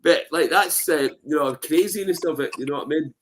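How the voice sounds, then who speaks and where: A Scottish man telling anecdotes in a casual interview, animated and full of "you know what I mean" fillers. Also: fairly high pitch, brisk, a little hiss or hum. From Scotland. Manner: animated, acts out voices in his anecdotes. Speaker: interview guest.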